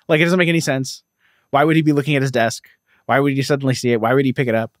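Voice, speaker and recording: A man in his thirties, a podcast co-host, retelling an old pulp story in casual chat and slipping into quick voices for the characters. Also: medium pitch, expressive, dry recording, clean studio sound.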